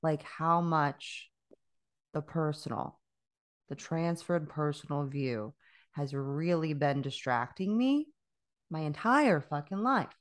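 Low-voiced woman cohosting, swears a lot, laughs easy, super candid. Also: lively intonation, slow. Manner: candid, profane, laughs often. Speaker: podcast co-host. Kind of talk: casual chat.

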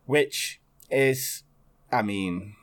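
A man's voice: mid-range voice, extremely slow. A man co-hosting a casual podcast chat, rambling and wry, swearing and laughing as he tells a story. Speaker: podcast co-host.

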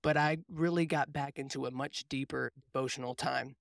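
A man's voice: mid-range voice, steady tone, normal speed, vocal fry, a bit bright, no room sound, studio quality. A young adult man, a mindset coach, telling a reflective personal story in casual faith conversation. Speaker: podcast co-host, mindset coach.

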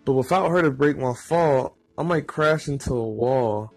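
A man voicing an excitable, cocky teenage boy who yells when he is thrilled, with a husky edge to his voice. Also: medium pitch, normal speed, faint music behind. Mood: excited. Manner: loud, excited yelling.

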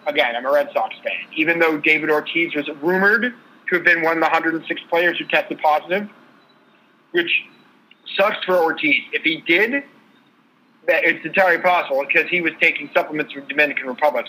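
A man's voice: a little high, fairly quick, sharp tone, a little hiss or hum, rough recording. A man co-hosting a casual sports podcast, telling stories and listing trade details. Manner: storytelling, lists trade details. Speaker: podcast co-host.

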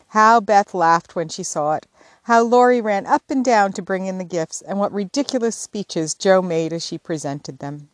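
A woman narrating a classic novel chapter in a measured, expressive storybook reading. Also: medium pitch, no echo. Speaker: audiobook narrator. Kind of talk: scripted narration.

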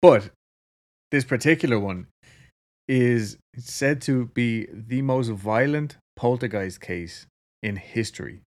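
A man's voice: medium pitch, slow pace. A man co-hosting a podcast, telling a story in casual chat, laid-back and swearing freely. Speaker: podcast co-host.

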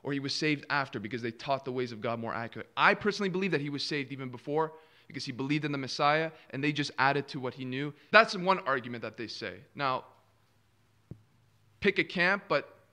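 Bright-voiced man preaching with dramatic swells. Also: on the high side, lively intonation, fairly quick. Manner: rhetorical questions, acts out quoted replies with dramatic dips and swells in volume. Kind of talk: sermon.

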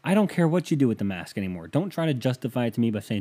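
A man's voice: medium pitch, big pitch swings, racing, hardly any pauses, warm tone. A man hosting a casual solo podcast, rambling and swearing freely while reading listener emails, from the United States. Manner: profane, rambling, sarcastic. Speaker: podcast host.

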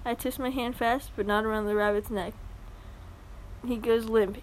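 A woman's voice: on the high side, steady tone, moderate pace, long pauses, noisy background. A young woman hosting a podcast, reading a story aloud and then rambling casually with a giggly, self-deprecating manner. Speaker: podcast host.

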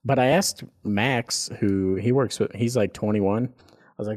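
A man with a fairly low voice tells a long story in loose, casual talk. He rambles, swears freely and chuckles through it. It sounds like an everyday podcast chat. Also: moderate pace, darkish tone. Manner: rambling, profane, laughs through his story. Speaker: podcast co-host.

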